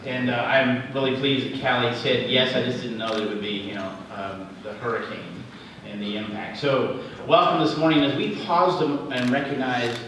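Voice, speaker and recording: A man's voice: medium pitch, fairly even intonation, normal speed, fairly bright tone, a little hiss or hum. A middle-aged man giving a banquet speech as a regional executive, telling stories with folksy joking asides. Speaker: regional Red Cross executive. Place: large banquet hall. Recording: echoey hall from far off.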